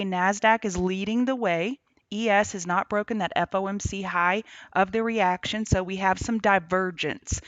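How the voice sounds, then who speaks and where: A chatty woman hosts a live market prep stream and greets her chat viewers by name between setups. Her voice sits at a middle pitch. The sound is dry, dull and a bit lo-fi. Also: fairly bright tone, no room sound. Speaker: trading show host. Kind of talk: casual livestream market commentary. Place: on the road, remote setup.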